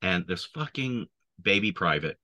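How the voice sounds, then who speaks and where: A man's voice: low-pitched, animated, a little slow, bright, forceful tone. A man, an army veteran, telling war stories casually and swearing constantly.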